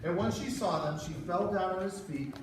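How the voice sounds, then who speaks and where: A man's voice: high voice, normal speed. A man telling a Bible story to children as a children's pastor, acting out each character's lines. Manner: animated, acts out the voices in the story. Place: church hall. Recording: echoey hall, far from the mic, with background noise.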